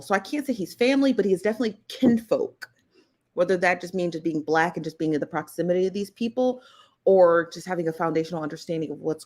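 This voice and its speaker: A woman hosting a live stream in a relaxed, chatty way, greeting viewers and laughing easily. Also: on the low side. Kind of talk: casual live stream chat.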